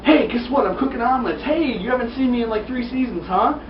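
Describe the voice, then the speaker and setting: A young man putting on a goofy, high, smug voice for a cheery man cooking omelets. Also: animated, fast talker, background noise. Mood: mocking. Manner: goofy, mocking. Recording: echoey room, distant dull mic.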